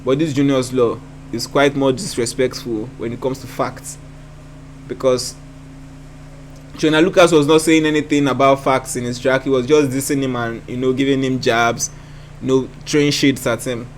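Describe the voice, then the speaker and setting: A man's voice: medium pitch, fairly even intonation, moderate pace, slight background noise. Man musing aloud over song lyrics. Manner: thoughtful, repeats phrases while thinking aloud. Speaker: reaction video host. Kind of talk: casual reaction and lyric breakdown.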